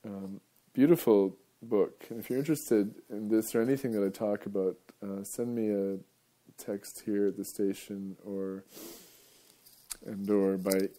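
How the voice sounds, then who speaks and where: A man's voice: on the low side, steady tone, unhurried, mellow. A male radio host talking in a casual, rambling monologue, wandering off topic and chuckling often.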